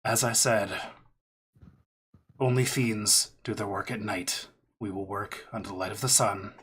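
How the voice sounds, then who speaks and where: A game master voicing a gruff, stern ambusher who speaks formally about honor, with faint noise behind. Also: low-pitched, fairly even intonation, measured pace, a bit bright. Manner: formal, solemn, commanding.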